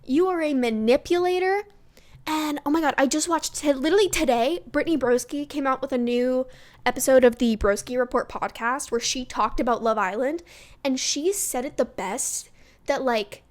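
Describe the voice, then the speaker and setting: A young woman chatting casually in a rambling, animated way, with sassy outbursts. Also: sits high, normal speed. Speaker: YouTuber reviewing a reality show.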